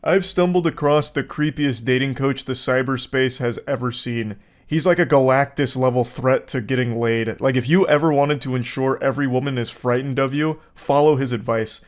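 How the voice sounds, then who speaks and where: A man with a medium-pitched voice talks at normal speed with few pauses, hosting comedic reaction commentary on videos. He sounds sarcastic and incredulous at what he's watching.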